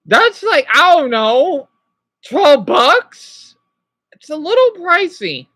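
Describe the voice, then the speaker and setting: A woman's voice: high-pitched, big pitch swings, slow, a bit bright, dry recording. A woman in her thirties chatting casually on a live stream, reacting to a video and greeting viewers by name. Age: 30s.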